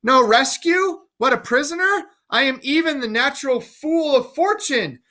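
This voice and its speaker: A man voicing a wild, frantic old king, declaiming theatrically in a high, excited voice. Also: moderate pace, full character voice. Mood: bewildered pleading.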